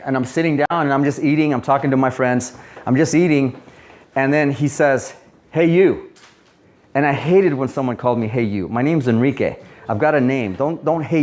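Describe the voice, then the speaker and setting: A man preaching in an easy, conversational way, weaving personal stories into his message. He slips into quoted back-and-forth dialogue and asides to his listeners, with a voice sitting in an ordinary middle pitch. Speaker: pastor.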